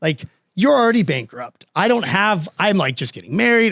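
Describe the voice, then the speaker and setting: A man's voice: sits high, very animated, moderate pace, gravelly, fairly bright tone, dry recording, clean studio sound. A man telling a story as a podcast guest, casual and slangy, acting out both sides of conversations.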